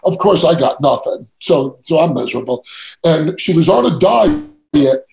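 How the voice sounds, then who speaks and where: A brash middle-aged man from New tells his stories in a gravelly voice. He mocks himself and stumbles into quick restarts. His voice sits a little high, and the room around him echoes. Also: animated. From New York. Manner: brash, self-mocking storyteller with stammered restarts. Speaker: guest, real estate agent. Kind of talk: casual storytelling interview.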